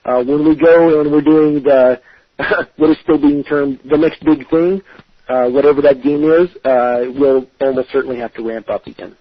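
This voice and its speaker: A man's voice: fairly high pitch, steady tone, normal speed, dry recording, dull audio. A man being interviewed as a game developer, talking casually with many fillers and restarts, choosing his words with care.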